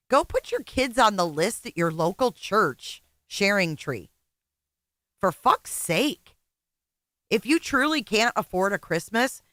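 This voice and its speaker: Sarcastic, cursing woman with a bright, dry voice. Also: mid-range voice, no room sound. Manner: sarcastic, blunt and profane. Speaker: commentary channel host. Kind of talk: reaction commentary.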